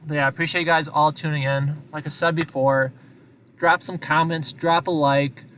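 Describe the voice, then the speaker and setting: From a parked car, a live-streaming news chaser from Wisconsin, with the local accent, rambles casually to viewers in a talkative, self-deprecating way. His voice is on the high side, level, a bit bright, at normal speed, with a little hiss or hum.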